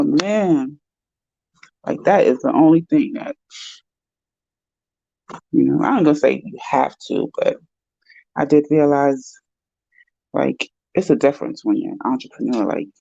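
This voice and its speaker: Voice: mid-range voice, creaky, mellow, dry recording. A host chatting casually with livestream viewers, talking to the viewers and to pets along the way. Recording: dull lo-fi sound.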